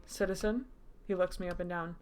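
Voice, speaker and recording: A woman's voice: lowish voice, fairly even intonation, fairly quick, faint music behind, natural voice. Woman reading as a jaded drawling city guard. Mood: dismissive.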